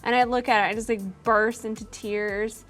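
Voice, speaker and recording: Young female beauty vlogger, chatty, giggly, slightly high voice, faint music behind. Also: flat delivery. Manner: chatty and giggly, quick storytelling with quoted asides. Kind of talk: casual chat while doing makeup.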